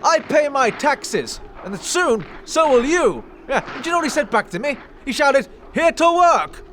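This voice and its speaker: A man's voice: extremely high pitch, very animated, moderate pace, fairly bright tone, a little hiss or hum, full character voice. A man playing a pompous posh British officer. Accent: upper-class English. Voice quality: pompous, blustering, clipped. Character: pompous upper-class British army officer, man, middle-aged. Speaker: comedy sketch actor. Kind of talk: comedy sketch acting.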